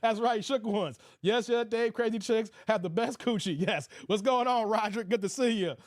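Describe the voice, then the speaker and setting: Loud, animated livestream host, high-voiced man. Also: moderate pace, no room sound, clean studio sound. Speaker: host of a livestream commentary show. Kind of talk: casual commentary reading live chat.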